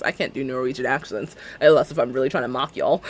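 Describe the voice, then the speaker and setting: This woman chats and rambles casually while live-streaming a game, laughing a lot along the way. She has a bass voice with a breathy edge, fairly even intonation, and a fast pace.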